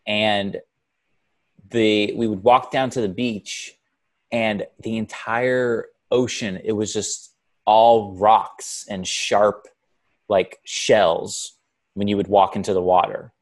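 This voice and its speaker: A man co-hosting a casual podcast chat, telling a story in an animated way with many fillers. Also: lowish voice, slow. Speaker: podcast co-host.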